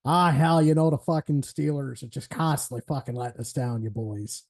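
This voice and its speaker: A man's voice: mid-range voice, steady tone, moderate pace, a little mellow, lightly acted. A man putting on a Pittsburgh accent to play a grumbling male sports fan who swears and sounds fed up. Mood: exasperated. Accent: put-on Pittsburgh.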